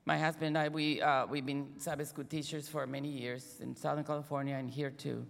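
A middle-aged woman, a Sabbath school teacher, telling earnest stories to a congregation with halting restarts. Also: deep voice, flat delivery, gravelly. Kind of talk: sermon-style storytelling. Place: church hall. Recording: long reverb in a church hall.

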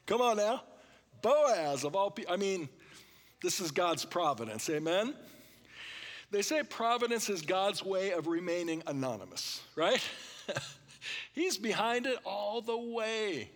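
A male pastor delivers an expository sermon with a somewhat high voice for a man. He keeps checking in with his listeners and often pauses to clear his throat. His words ring out with the long reverb of a church hall. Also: very animated. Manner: expository preaching with congregation call-and-response.

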